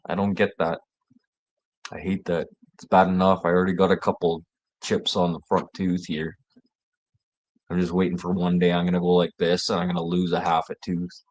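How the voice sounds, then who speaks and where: Low-voiced dude swearing nonstop, just rambling on his stream. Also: little pitch movement, moderate pace, darkish tone. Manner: profane, joking, rambling. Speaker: show host. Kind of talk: casual rambling monologue.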